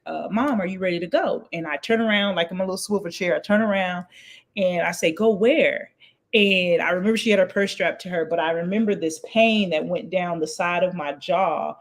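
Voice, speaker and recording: Animated woman telling a story. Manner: lively, acts out quoted voices with big pitch jumps. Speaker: guest storyteller. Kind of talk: personal storytelling in an interview.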